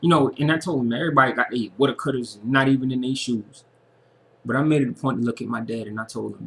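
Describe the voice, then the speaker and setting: A man speaks earnestly in a casual personal monologue for his vlog. He sits at a middle pitch and circles back to the same phrases to drive his point home. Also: fast, gravelly, fairly bright tone. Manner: earnest, repeating phrases for emphasis. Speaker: vlogger.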